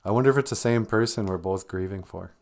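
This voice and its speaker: Soft-spoken man chatting on a live stream. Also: on the low side, fast, creaky. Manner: joking, self-deprecating, gentle. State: close to tears. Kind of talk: casual live stream talk.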